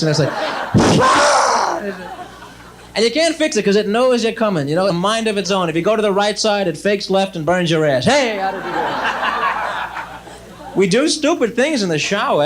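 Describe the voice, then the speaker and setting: A man doing stand-up comedy, chatty and rambling, talking straight to the audience and slipping into exasperated mock dialogue. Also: fairly high pitch.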